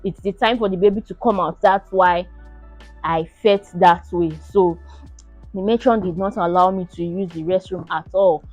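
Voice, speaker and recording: A young woman telling her own story to the camera in an animated, casual way, laughing often and acting out the shouts and pleas. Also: fairly low pitch, normal speed, muffled recording, soft background music. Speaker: vlogger sharing her birth story.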